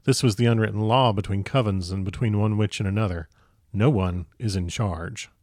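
A man with a fairly low voice reads a story aloud, steady and unhurried. The recording is close and dry, with no room sound. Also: dry recording. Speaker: podcast host and narrator.

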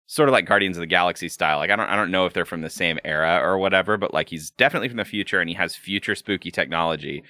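A man's voice: deep voice, very fast, few pauses, sharp tone, no echo, studio quality. A man co-hosting a podcast in loose casual chat, laughing often and swearing freely. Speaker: podcast co-host.

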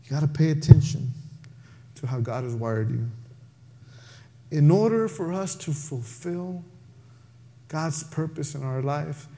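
A man preaching a sermon, telling a story with lively acted-out voices. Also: a little high, measured pace, long pauses. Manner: animated preaching, acts out voices in his story. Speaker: pastor.

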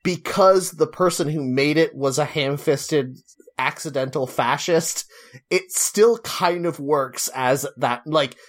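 A man's voice: on the high side, takes it slowly. A man co-hosting a casual chat, rambling and opinionated, with lots of fillers. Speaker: podcast co-host.

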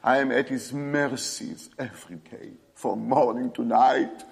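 A male preacher giving an emphatic sermon, swinging between loud exclamations and quiet asides. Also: medium pitch, measured pace, gravelly, breathy edge, big-room sound.

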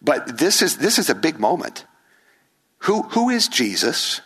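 A male pastor preaching a sermon, animated, asking the congregation rhetorical questions and acting out crowd voices. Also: a little high, a little slow, slightly rough.

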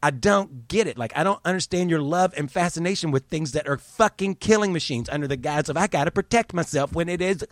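A man's voice: fairly high pitch, expressive, brisk, hardly any pauses, dry recording, clean studio sound. A man hosting a show, ranting in a heated, profane, exasperated way. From United States. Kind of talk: angry opinion rant.

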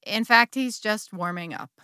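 A woman's voice: mid-range voice, moderate pace, sharp tone, clear, resonant tone, no echo, studio quality, natural voice. An actress playing a middle-aged churchgoing wife who confesses an affair to her bishop, wry and candid, with sudden bursts of feeling. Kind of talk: dramatic monologue.

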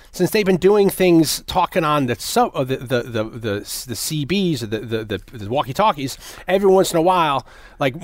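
A man with a somewhat high voice excitedly walks through a movie plot, putting on little voices for the characters and stumbling over his words. The sound is dry and close, with no room echo. He curses casually as he talks. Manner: animated retelling, acting out lines, frequent restarts and profanity.

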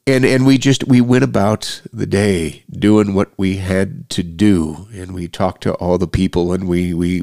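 A middle-aged man with a deep, low voice talks straight into a close microphone for his own podcast. His delivery is earnest and halting, often stopping to restart a phrase. The sound is dry, with no room around it. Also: gravelly, darkish tone, no echo. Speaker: podcast host. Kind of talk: personal podcast monologue.

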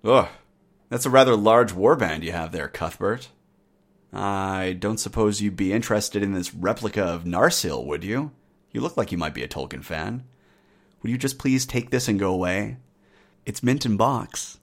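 A flustered man pleads awkwardly with a warband leader, hoping a gift will send him away, as a male narrator puts him on. He speaks low and hushed, fumbling politely. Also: lively intonation, moderate pace. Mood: nervous pleading.

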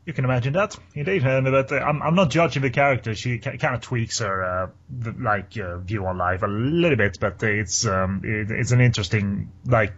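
A man's voice: mid-range voice, moderate pace, hardly any pauses, a bit bright, dull audio. A man chatting casually as a podcast co-host about a film, rambling with many fillers and restarts. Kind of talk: casual chat.

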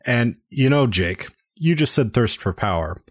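A man's voice: mid-range voice, lively intonation, unhurried, no room sound. A man hosting a casual movie podcast, playful and wry, with a dry, close sound. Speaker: podcast host.

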